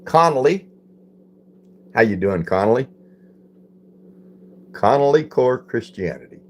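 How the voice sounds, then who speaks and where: A man's voice: medium pitch, animated, unhurried, a little mellow. A man hosting a casual live stream, reading viewer comments aloud, repeating phrases and puzzling over them.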